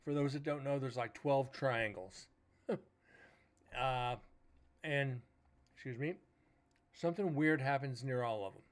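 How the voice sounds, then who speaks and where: A paranormal show host casually tells a rambling story on a livestream, occasionally swearing and recounting conversations as quoted dialogue. His medium-pitched voice moves a little slowly, with frequent pauses.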